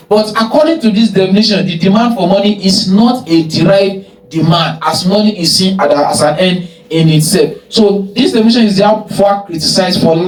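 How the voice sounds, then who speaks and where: High-voiced man lecturing in an echoey room. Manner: asks rhetorical "what?" then answers, repeats phrases. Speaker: economics teacher. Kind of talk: recorded lecture. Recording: echoey room, mic at a distance.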